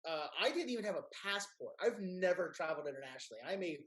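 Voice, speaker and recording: A man from Kentucky with a Kentucky accent, a filmmaker guest telling a story in a casual interview, lively and quick to act out what others said. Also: high-pitched. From Kentucky, USA. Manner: animated storyteller, acts out quotes in raised voices.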